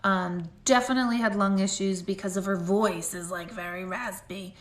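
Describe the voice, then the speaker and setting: A woman's voice: mid-range voice, fairly even intonation, normal speed. Chatty woman medium in a roomy space. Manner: chatty, rambling, heavy use of "like". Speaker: intuitive medium. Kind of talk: live-stream psychic reading.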